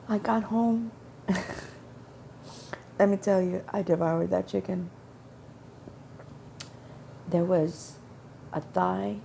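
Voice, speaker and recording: A woman's voice: medium pitch, little pitch movement, slow pace, gravelly, long pauses, noisy background. A woman telling a personal religious testimony in an earnest, repetitive storytelling way, quoting her prayers. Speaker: testimony speaker.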